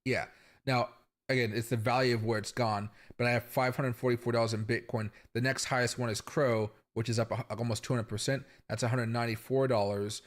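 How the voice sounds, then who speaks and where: A man's voice: mid-range voice, steady tone, a little fast. A man hosting a casual crypto livestream from home, chatty and rambling, talking straight to his viewers.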